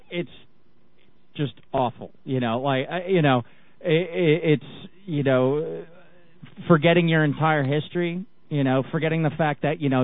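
A man's voice: on the high side, dry recording. A man co-hosting in casual chat who laughs easily and stammers and restarts when he gets worked up. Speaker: co-host. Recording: phone-like line.

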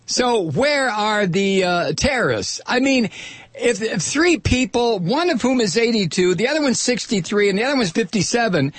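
A man's voice: sits high, lively intonation, normal speed, dry recording. A middle-aged man hosting a talk radio show, reading out a news story and mocking it with sardonic asides and laughter, close to a studio mic.

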